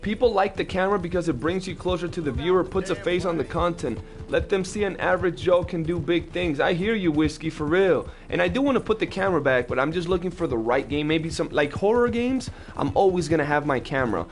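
A young man chatting casually on a live game stream, talkative and slangy, telling animated stories to his chat. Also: on the high side, brisk, few pauses.

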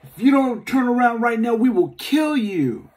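A man voicing a shouting, threatening male police officer barking commands. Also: very high voice, sing-song, moderate pace, voice pushed up. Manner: barked commands from a distance, loud and tense.

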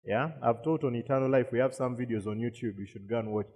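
A man's voice: medium pitch, fast, a little mellow. A man preaching a sermon, repeating words and asking the congregation questions. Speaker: pastor. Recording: long reverb of a hall.

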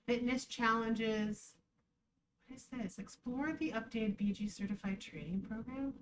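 A woman dog trainer giving casual reaction commentary, animated and sarcastic, often breaking into laughter. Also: on the high side, measured pace, recorded from a distance, slight background noise, low-quality recording.

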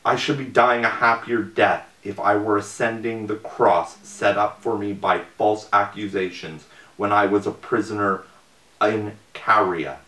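A man's voice: on the low side, fairly even intonation, a little slow, bright, forceful tone. Despairing young lover read by a man. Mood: bitter despair. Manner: bitter, mournful. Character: despairing young lover about to end his life. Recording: roomy, distant mic.

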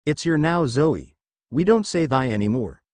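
A man's voice: a little high, lively intonation, normal speed, a little mellow, dry recording, clean studio sound, natural voice. A man voicing a confident young male hero who speaks in an offhand, self-assured way, in a fantasy story reading.

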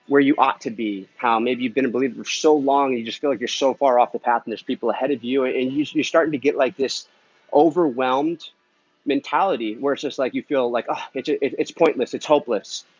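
A man with a slightly husky voice of middling pitch speaks earnestly to a viewer in a loose, conversational way. He talks while walking through a pool area. The recording sounds dull and lo-fi. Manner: earnest and conversational, full of "man" and "you know". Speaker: Christian vlogger answering a viewer comment. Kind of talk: casual spoken encouragement.

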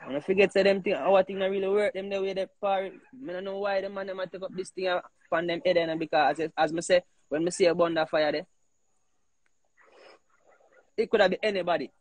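A man with a Jamaican accent talking in patois in a rambling, animated casual chat, leaning on "you know" again and again. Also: high voice, fast talker, hardly any pauses, dry recording.

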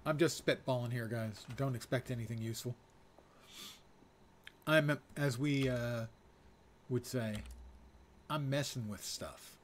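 A man's voice: mid-range voice, unhurried, pauses often, slight background noise. A middle-aged man streaming a game, casually thinking aloud as he reads menu items. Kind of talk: casual live gameplay commentary.

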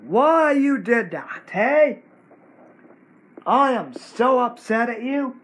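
A man's voice: extremely high pitch, animated, slow, fairly bright tone, rough recording. A man ranting to camera as the channel owner, scolding someone in short, repetitive bursts. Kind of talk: angry rant to camera.

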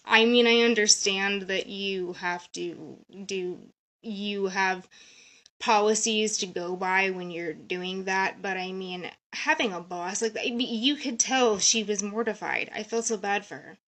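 A woman's voice: mid-range voice, a little slow, fairly bright tone. A woman in her thirties talking casually on a live stream, rambling and jumping from topic to topic. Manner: rambling, chatty, jumps between topics. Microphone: phone or webcam on a live stream.

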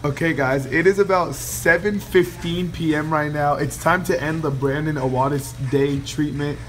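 A young man in his twenties with a hoarse, worn-out voice, chatting casually and joking to his vlog audience. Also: a little high, moderate pace, echoey room. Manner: excitable, joking. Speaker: vlogger.

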